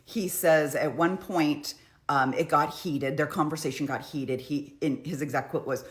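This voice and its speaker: A woman's voice: low-pitched, steady tone, a little slow. A woman casually recapping courtroom testimony in a chatty, conversational way. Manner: chatty, conversational, frequent "like" and "you know". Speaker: true crime commentator.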